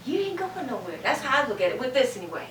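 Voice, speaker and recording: A woman's voice: high voice, very animated, fast, fairly bright tone. A middle-aged woman giving an emphatic, preacher-like testimony as a panel guest, repeating phrases for weight. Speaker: guest, cancer survivor. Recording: echoey room, distant mic, faint hum.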